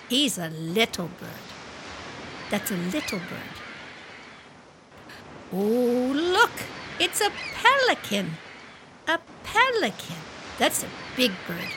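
A woman acting as a mother cooing to her toddler, her fairly high voice leaping up and down in wide, sing-song swoops. She speaks slowly and repeats every simple phrase. A light hiss sits behind her. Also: heavily acted. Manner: sing-song, repetitive, exaggerated pitch swoops. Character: mother talking to her small child on a beach. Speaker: demonstrating a parent. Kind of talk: child-directed speech role-play.

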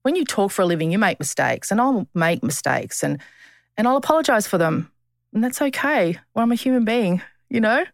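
A frank, outspoken woman in her fifties, chatting candidly as an interview guest. Her voice sits at an ordinary middle pitch, and she swears and teases freely. The recording is close and dry, with no room sound. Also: sing-song, brisk, gravelly, dry recording. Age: 50s. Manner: blunt, frank and teasing, with swearing. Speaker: podcast guest.

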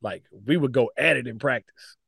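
A man, a former pro basketball player, telling lively stories in a casual podcast chat, with lots of "like" fillers and laughter. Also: medium pitch, moderate pace, gravelly, slightly rough, no room sound, clean studio sound. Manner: animated storytelling, frequent "like" fillers and laughs.

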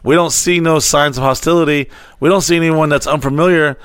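A man's voice: fairly high pitch, fairly even intonation, a little fast, a bit bright, slight background noise. A man co-hosting a casual podcast, cutting in with jokes and profane asides. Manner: interjecting, profane, jokey. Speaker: podcast co-host. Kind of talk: casual chat.

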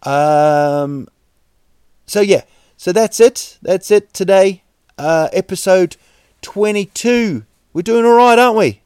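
A man with a New Zealand accent hosting a solo podcast, rambling deadpan jokes with many fillers and restarts. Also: sits high, takes it slowly, clear, resonant tone, no echo, clean studio sound. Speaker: podcast host. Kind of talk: solo comedic podcast monologue.

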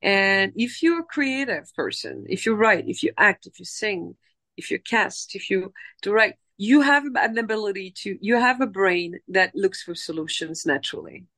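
Animated motivational woman, dry close sound. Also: mid-range voice, normal speed, no echo. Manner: animated, motivational, acts out inner voices. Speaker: guest, dubbing producer. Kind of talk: casual podcast interview.

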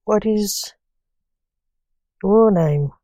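A woman reading a story aloud in an even, unhurried way, with little change of voice between characters. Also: mid-range voice, dry recording. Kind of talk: read-aloud story narration.

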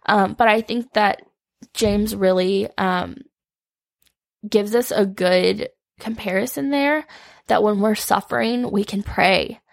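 A woman's voice: mid-range voice, gravelly, no echo. A young woman hosting an unscripted devotional podcast, earnest and vulnerable, fighting back tears as she quotes scripture. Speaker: podcast host.

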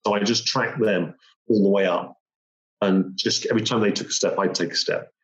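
A man's voice: on the low side, fairly even intonation, moderate pace. A man telling a personal story in vivid detail, repeating phrases and acting out the moments he describes. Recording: roomy, dull lo-fi sound.

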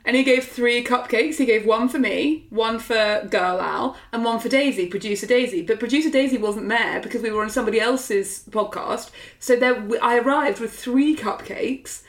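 A young woman, a podcast co-host, retelling awkward moments in quick, gushing casual chat. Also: a little high. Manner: fast, gushing, exaggerated retelling. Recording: roomy echo.

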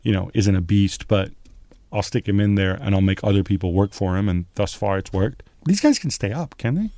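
A man hosting a casual football podcast, leading the talk with quick, teasing questions. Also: on the low side, animated, mellow, no room sound. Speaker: podcast host.

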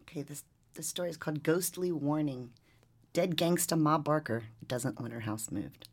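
A woman reporter tells a story with lively energy. Her voice is low and a little husky. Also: moderate pace. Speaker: newspaper reporter, podcast regular. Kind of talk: storytelling and casual chat.

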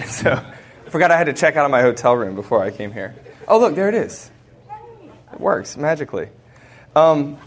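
American man telling stories on stage. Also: medium pitch. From United States. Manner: humorous, conversational storyteller. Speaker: conference speaker. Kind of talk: live storytelling talk to students.

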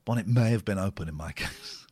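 With a crowd audible in the background, a fortysomething British man talks low and briskly while watching old footage of himself live on stream. His chat is casual, sardonic and full of jokes, looping back over the same points as he rambles.

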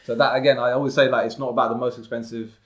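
A man with a London-area English accent talks with emphatic, upbeat conviction, as if coaching listeners. His voice sits at an ordinary middle pitch. The room rings back with a noticeable echo. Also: flat delivery, racing. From Slough, England. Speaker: guest, property investor. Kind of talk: casual podcast conversation. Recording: roomy echoey room.

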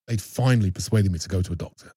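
A man, an actor guest recounting a personal story in a halting way, often repeating words and restarting. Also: low voice, warm tone, slightly rough, no echo.

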